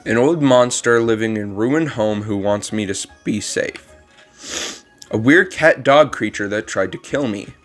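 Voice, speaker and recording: A man's voice: fairly low pitch, a little slow, faint music behind. A man casually commenting on a game he is playing, offhand and self-deprecating. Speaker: game channel host.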